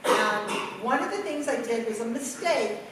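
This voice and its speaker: Middle-aged woman presenter, fairly high voice, animated storyteller; recorded from afar in a very echoey room. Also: normal speed, distant mic, slight background noise. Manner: animated storytelling with acted-out quotes. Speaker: workshop presenter. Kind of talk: conference workshop talk. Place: conference room.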